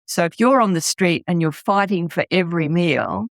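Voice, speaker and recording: A woman's voice: on the low side, lively intonation, moderate pace, no echo. A middle-aged woman with an Australian accent, a charity founder speaking in an interview. She talks earnestly and bluntly and often restarts her sentences. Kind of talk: candid interview storytelling.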